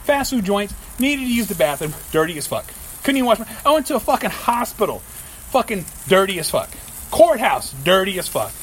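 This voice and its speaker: Podcast host, male, high-pitched, profane ranter, faint room noise. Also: sing-song, brisk. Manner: profane, ranting, heavy swearing. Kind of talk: casual podcast rant.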